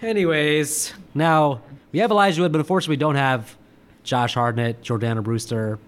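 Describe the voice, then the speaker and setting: A man's voice: fairly high pitch, brisk, clean tone. A man co-hosting a podcast, chatting about movies in a teasing, playful way with silly bits. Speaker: podcast co-host. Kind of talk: casual movie chat.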